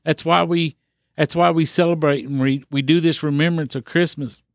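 Male podcast preacher, gravelly and slightly high, earnest and insistent, dry close mic. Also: fairly even intonation, moderate pace, no echo. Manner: earnest, repetitive exhortation with restarts. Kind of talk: sermon.

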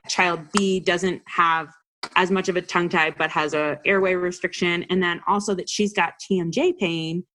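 A woman's voice: lowish voice, a bit bright. Earnest woman explaining as a guest. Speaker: guest practitioner. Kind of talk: podcast interview answers.

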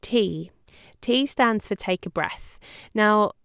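A woman dog trainer teaching a simple calming method in a chatty, friendly way, often laughing between points. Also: medium pitch, slow pace, clear, resonant tone, no echo, studio quality. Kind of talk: talking-head lesson.

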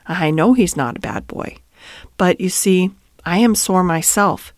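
A woman voicing an earnest male head groom who is devoted to his horse, speaking slowly and heavily, then with indignation, in a bedtime storybook reading. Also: on the low side, expressive, no echo, clean studio sound. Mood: sorrowful. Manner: slow and heavy, rising to indignant outrage. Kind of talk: storybook read-aloud.

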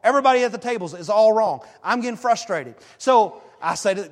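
A male pastor preaching a sermon and telling a story in a lively, emphatic way. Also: high-pitched, a little fast, hardly any pauses, in a large hall. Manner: animated storytelling, emphatic rises. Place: church sanctuary.

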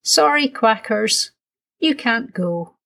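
A woman voicing an eager, excitable little boy in a storybook reading, with a high childlike delivery. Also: slow, vocal fry, heavily acted.

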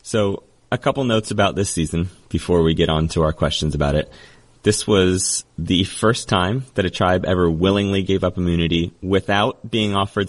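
A man hosting a podcast in a casual, chatty, joking way, full of quick asides. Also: sits low. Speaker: podcast host.

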